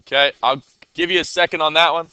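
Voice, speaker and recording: A man's voice: on the high side, fairly even intonation, quick pace, pushed and bright, a little hiss or hum. A man teaching a classroom coding lesson, talking casually and often checking that his students are following.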